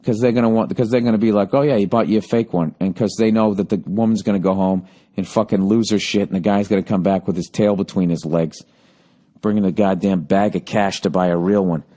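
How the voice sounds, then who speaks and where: A man's voice: deep voice, fairly even intonation, brisk, warm tone. Profane ranting podcast host, man. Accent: Boston. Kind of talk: casual solo podcast monologue, reading listener emails.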